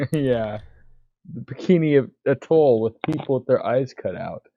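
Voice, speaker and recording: Slow-talking man on a dull, dry stream mic. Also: medium pitch, animated, mellow, a little hiss or hum. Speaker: livestream host. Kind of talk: casual chat while reading a text adventure aloud.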